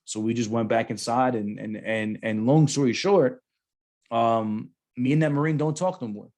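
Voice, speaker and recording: A young man with a mid-pitched voice hosts a relaxed podcast, talking like he's with a close buddy. His storytelling is loose and animated, with plenty of slang and "bro" thrown in. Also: moderate pace. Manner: casual, says bro a lot, animated storytelling. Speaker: podcast host, former Marine sergeant. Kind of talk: casual podcast chat, storytelling.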